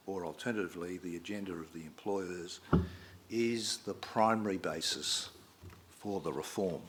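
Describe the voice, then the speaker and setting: A middle-aged man, delivering a measured, formal prepared speech at a debate. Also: sits low, a little hiss or hum. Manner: measured, reads quotations aloud with emphasis. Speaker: debate speaker.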